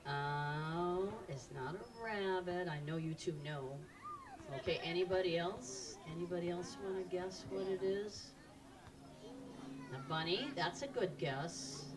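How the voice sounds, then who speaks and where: A woman's voice: fairly low pitch, unhurried, far from the mic, background noise. A woman presenting live animals to children at an outdoor park show, quizzing the audience in an upbeat way.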